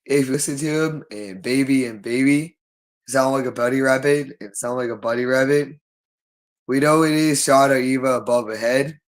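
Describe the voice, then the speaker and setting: A man's voice: mid-range voice, normal speed, rough recording. A man talking alone on a livestream, repeating himself insistently. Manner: repetitive and insistent. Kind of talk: unscripted livestream monologue.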